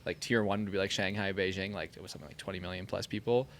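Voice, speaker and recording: With a deep, racing voice, a man who once played soccer professionally swaps stories in a casual podcast-studio chat, animated and using "like" heavily. A little hiss or hum sits under the recording.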